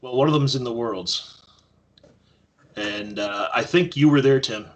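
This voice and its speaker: This podcast guest, a man from Canada, is in an unhurried mood, his mid-range voice carried on lo-fi sound. He tells casual stories in an animated way, performing the quoted lines.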